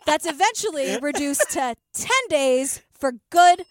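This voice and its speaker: Lively high-voiced woman podcaster. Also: unhurried, dry recording, studio quality. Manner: outraged, profane, animated storytelling. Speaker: podcast co-host. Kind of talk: casual chat.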